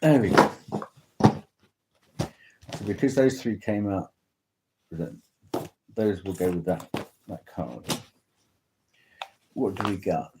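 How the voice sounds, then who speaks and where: A man's voice: low-pitched, expressive, slow, long pauses, heavy background noise. A man chatting casually through a tarot reading, rambling and interrupting himself often. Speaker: tarot reader.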